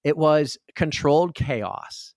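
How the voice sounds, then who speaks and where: A man co-hosting a podcast in casual chat, telling a story and acting out the quotes with big jumps in pitch. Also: animated, takes it slowly, darkish tone, no echo, clean studio sound. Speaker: podcast co-host.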